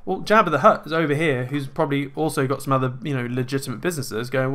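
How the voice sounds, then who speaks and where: Here the host talks fast at medium pitch with few pauses, running a casual monologue. Animated throughout, he fires off rhetorical questions and performs the voices of others he quotes.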